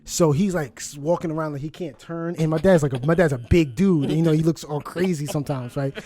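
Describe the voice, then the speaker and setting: A young man telling a funny family story on a podcast, animated, often laughing and acting out quotes. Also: a little high, fast talker. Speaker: podcast co-host. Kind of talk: casual storytelling chat.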